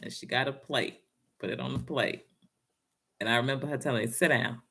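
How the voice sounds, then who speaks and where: Bright-voiced woman telling a personal story. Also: a bass voice, steady tone, a little fast, vocal fry, breathy edge. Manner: casual, down-home, addresses the audience as y'all. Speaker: motivational speaker.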